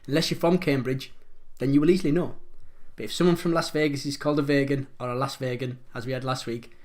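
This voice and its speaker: A man's voice: medium pitch, fairly even intonation, fast, a little mellow. A man hosting a pub quiz live from home, chatty and rambling, joking about his own pronunciation as he reads out the questions.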